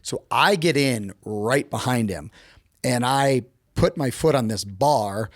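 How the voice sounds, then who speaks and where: A middle-aged American man, a guest on a podcast, tells a casual story at a slow pace, acting out quotes with lively, sudden jumps in pitch. The studio-quality recording has no echo.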